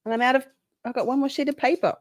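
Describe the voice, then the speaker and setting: A woman's voice: high voice, steady tone, rapid-fire, no echo, clean studio sound. A woman giving casual, profane, sarcastic reaction commentary to a clip, with frequent laughing asides. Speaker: commentary streamer.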